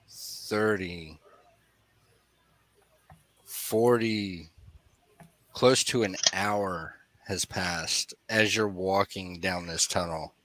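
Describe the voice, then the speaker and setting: Slow, bright-voiced male dungeon master. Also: on the low side, no echo. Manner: slow, deliberate scene-setting narration. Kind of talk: narrating a tabletop game.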